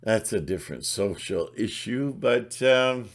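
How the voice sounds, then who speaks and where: A man's voice: on the low side, expressive, measured pace. A middle-aged man ranting in a blunt, sarcastic monologue, rambling with restarts and putting on mocking voices. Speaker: channel host.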